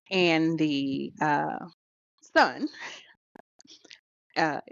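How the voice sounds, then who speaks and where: A woman co-hosting a podcast talks in an animated, casual way with a fairly low voice. The recording is dry with no room sound, and its lo-fi quality makes it a little dull. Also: no echo. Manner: animated storytelling with laughs and fillers. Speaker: podcast co-host. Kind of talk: casual chat.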